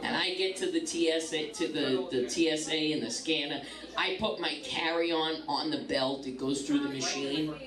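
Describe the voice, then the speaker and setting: A woman's voice: sits low, steady tone, normal speed, a crowd in the background. Brash woman doing stand-up. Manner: brash, bawdy storytelling with punchy timing. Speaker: stand-up comedian. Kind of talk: stand-up comedy set. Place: comedy club stage. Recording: roomy club sound from a distance, loud audience.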